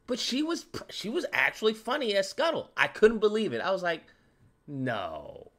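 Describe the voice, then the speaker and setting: Animated, bright-voiced young man ranting. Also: sits high, a little fast. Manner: animated, slangy, repeats himself, frequent "bro". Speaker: movie reviewer. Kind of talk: casual movie review rant.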